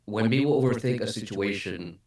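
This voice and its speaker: A man talking casually among fellow voice actors, his tone on the lower side. He rambles with plenty of fillers. The sound is roomy and heavily echoing. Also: brisk, darkish tone. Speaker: voice actor in a group meeting. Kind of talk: casual chat. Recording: echoey room, far from mic.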